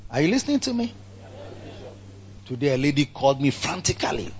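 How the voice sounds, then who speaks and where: High-voiced Ghanaian pastor preaching. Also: male voice, a little fast, lo-fi sound. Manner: animated preaching, swinging from loud exhortation to low asides; mixes in Twi phrases. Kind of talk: sermon. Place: church service.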